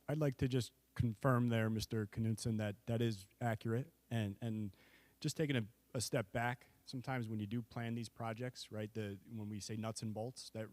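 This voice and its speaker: A man's voice: on the low side, steady tone, normal speed, a little mellow, no room sound. A man consulting on a capital project. He presents to a school board in a conversational way, with restarts and frequent "right?". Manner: conversational, many restarts and tag questions. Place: public meeting room. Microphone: table microphone.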